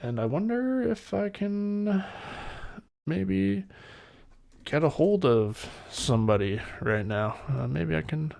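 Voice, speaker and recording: A man's voice: a little high, lively intonation, slow, gravelly, a little mellow. A young man hosting his own podcast alone, chatting casually in a rambling, laid-back way with loose slang. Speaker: podcast host. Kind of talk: casual solo podcast chat.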